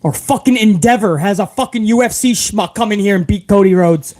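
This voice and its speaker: A man's voice: high-pitched, fairly quick, darkish tone. A man hosting a casual live stream, reading out viewer comments and ranting with a lot of profanity, calling everyone bro.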